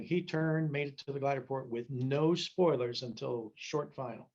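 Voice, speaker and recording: Older man in his 70s, folksy safety speaker, joking storyteller, middle pitch, dull lo-fi sound. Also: moderate pace, few pauses, a little mellow. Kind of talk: safety talk with anecdotes.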